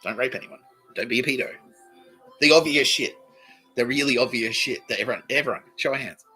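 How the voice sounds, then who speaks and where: A man's voice: medium pitch, brisk, pushed and bright, soft background music, low-quality recording. A man with an Australian accent hosting a comedy podcast, rambling through a crude, swearing, giggly monologue. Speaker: podcast host.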